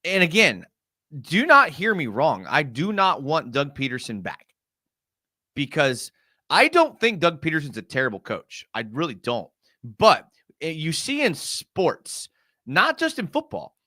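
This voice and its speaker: Animated, exasperated male sports fan host. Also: high-pitched, no room sound, studio quality. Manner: animated, exasperated rants with sarcasm; reads and answers live chat. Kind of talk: casual live-stream film breakdown.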